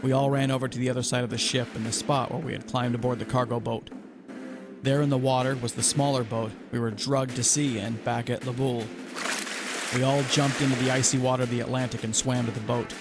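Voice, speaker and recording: A man podcast host narrating a first-person adventure story in a steady way, with music playing underneath. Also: medium pitch, fairly quick.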